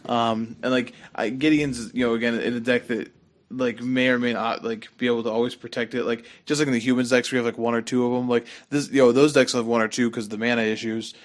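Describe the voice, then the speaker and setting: A man's voice: medium pitch, little pitch movement, quick pace. A man co-hosting a casual game podcast, rambling with many fillers and slightly losing his voice. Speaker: podcast co-host. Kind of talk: casual gaming chat.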